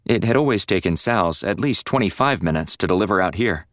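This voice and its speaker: A man's voice: low voice, animated, a little fast, no room sound. A man narrating a first-person novel as an audiobook in a dry, wry storytelling manner. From North Florida.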